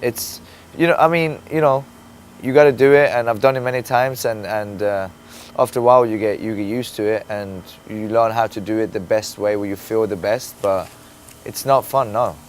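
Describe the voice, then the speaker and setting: A man's voice: on the low side, moderate pace, slight background noise. Sarcastic man with a British-tinged accent. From Sweden. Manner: sarcastic, deadpan. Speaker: MMA fighter. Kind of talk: comedy sketch interview.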